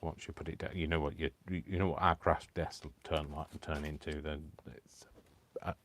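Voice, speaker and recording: A man with a deep, low voice chats casually through a live crafting session. He rambles and talks to himself as he works. He apologizes often and keeps the talk loose and unscripted. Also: little pitch movement, fairly quick, a bit bright, slight background noise. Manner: rambling, self-talking, apologetic. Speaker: craft channel host.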